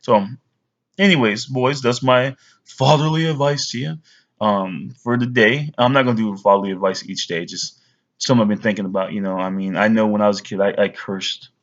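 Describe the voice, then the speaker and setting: A man's voice: on the low side, steady tone, brisk, dull audio. Blunt rambling father in his forties. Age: 40s. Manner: blunt, rambling, with many fillers. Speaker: father giving advice. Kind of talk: casual to-camera talk.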